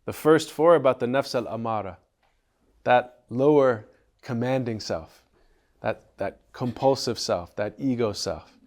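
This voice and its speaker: Relaxed man telling a teaching story. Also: medium pitch, unhurried. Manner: relaxed, conversational, asks the group questions. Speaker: teacher of a spiritual retreat. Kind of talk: storytelling lesson on a classic poem.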